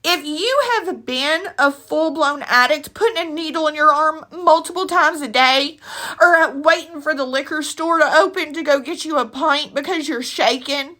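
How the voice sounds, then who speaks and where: Teary woman venting to camera, high bright voice, blunt and all over the place. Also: moderate pace. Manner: heated, blunt, rambling, with slangy asides. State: tearful, with a runny nose. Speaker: commentary vlogger. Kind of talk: emotional opinion rant to camera.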